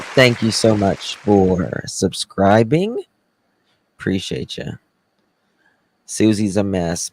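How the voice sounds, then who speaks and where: Slow, drawling man chatting to viewers. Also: on the low side, lively intonation, a faint crowd, a little hiss or hum. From Southern US. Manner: chatty, warmly thanks viewers by name. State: tired. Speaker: livestream host. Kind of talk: casual livestream chat with viewers.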